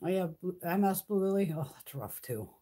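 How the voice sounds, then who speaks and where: A middle-aged woman hosting a beauty livestream, chatting casually and telling animated stories, swearing freely. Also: on the low side, a little fast.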